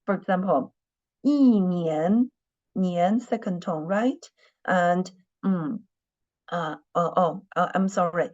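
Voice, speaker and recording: A woman's voice: fairly low pitch, slow pace, muffled recording. A woman teaching a beginner class in English, patient and repetitive, often checking that students follow. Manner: patient, repeats herself, asks "are you clear?". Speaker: Chinese teacher. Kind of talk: slow live language lesson.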